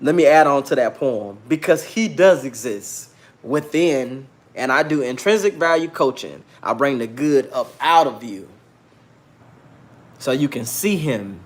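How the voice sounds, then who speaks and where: A man's voice: mid-range voice, lively intonation, unhurried. A man in his thirties hosting a casual livestream, talking brashly and preaching at his viewers, challenging chat to answer him. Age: 30s. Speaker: livestream host.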